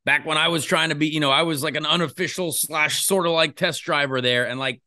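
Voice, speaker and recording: A man's voice: a little high, steady tone, brisk, pushed and bright. A young man hosting a podcast, chatting loosely and filling his talk with "like.". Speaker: podcast host, race driver. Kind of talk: casual podcast chat.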